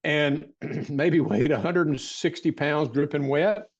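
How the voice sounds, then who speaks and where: An older man tells a long personal story as an interview guest, full of restarts and throat clearing. His voice sits a little high for a man. The recording is dull and muffled. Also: slow. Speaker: interview guest, martial arts teacher.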